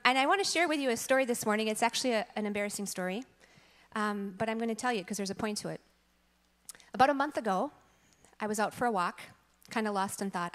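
Animated woman preaching in reverberant church. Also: mid-range voice. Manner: animated storytelling, acts out quotes. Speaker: church teacher. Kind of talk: storytelling sermon. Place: church sanctuary.

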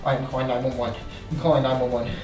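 A man's voice: medium pitch, little pitch movement, racing, a little mellow, distant mic. A young man co-hosting a home vlog, rattled and repeating himself while pleading with his girlfriend. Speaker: boyfriend, co-host. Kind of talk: prank vlog, casual. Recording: roomy, off-mic, faint music.

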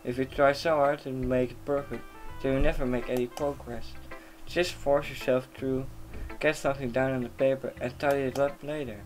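A confident, cheerful teenage girl who runs a literature club, read aloud by a man. The voice sits at a middle pitch and is nudged a little higher and brighter for her lines, friendly and assured throughout. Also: steady tone, moderate pace, soft background music, natural voice. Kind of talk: reading game dialogue aloud.

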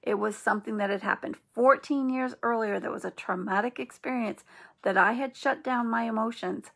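A middle-aged woman hosting an inspirational channel, speaking in a gentle, earnest and reassuring way. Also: a little high, normal speed, creaky, breathy edge. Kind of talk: encouraging spiritual talk.

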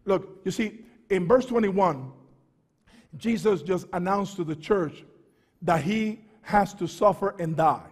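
A man preaches with fervor, his voice sitting high for a man and dropping to low, quick asides before rising to shouts. He repeats and stumbles over words as he builds. Long reverb from a large church hall trails behind him. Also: slightly rough. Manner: fervent preaching, swings from quiet to shouting. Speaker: pastor. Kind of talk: sermon.

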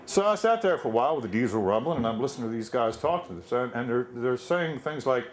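A man's voice: mid-range voice, expressive, fast, few pauses, a crowd in the background. An older man telling a wry personal story live on stage, conversational with many fillers.

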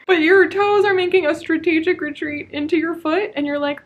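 Speaking at a measured pace, this woman has a high-sitting, fairly bright voice. She's a book vlogger at home, casually telling her camera, via its built-in mic, about a book she's reading, laughing often, swearing freely and staying sarcastic.

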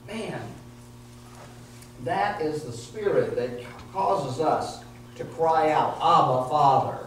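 A man's voice: fairly high pitch, lively intonation, takes it slowly. Man preaching in an echoey church. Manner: earnest, emotional preaching with repeated phrases. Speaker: pastor. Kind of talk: sermon. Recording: echoey room heard from a distance with faint noise.

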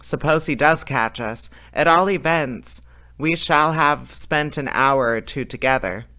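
A man's voice: mid-range voice, a little slow, sharp tone. A man reading as an earnest young prince.

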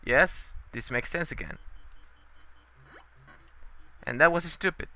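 A man commenting on his own gameplay in a rambling way, full of hesitant fillers and loud cursing at the game. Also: mid-range voice, expressive, slow pace, creaky, pauses often. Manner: rambling, swearing, yelling at the game. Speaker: let's play gamer. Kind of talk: profane let's play commentary.

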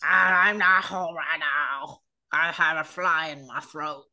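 An older woman voicing a low, throaty frog with a fly in its throat, pushing her voice down into her throat. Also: steady tone, slow pace, very noisy. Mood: goofy. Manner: voice pushed down into the throat.

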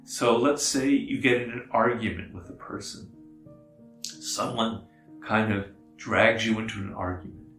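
A man who writes on strategy, talking through his ideas in a measured, explanatory monologue and repeating phrases for emphasis. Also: on the low side, steady tone, fairly bright tone. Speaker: author speaking on strategy. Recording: roomy echo, faint guitar music behind.

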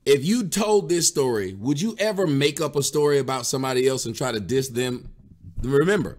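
A man's voice: medium pitch, expressive, fairly quick, a little mellow. A male host commenting on a played clip, incredulous and mocking, putting rhetorical questions to his audience.

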